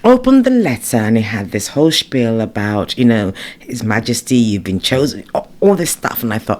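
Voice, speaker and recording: A middle-aged woman from the United Kingdom, a guest in a casual interview, telling her stories in an animated, emotional way and acting out her own thoughts. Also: rumbling low, normal speed. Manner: animated, emotional storytelling with lots of quoted inner thoughts.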